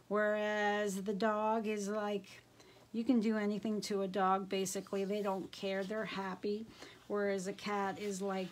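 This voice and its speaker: A woman's voice: medium pitch, little pitch movement, a little slow, a little mellow. A middle-aged woman craft vlogger chatting casually while unboxing supplies, gushing and easily delighted.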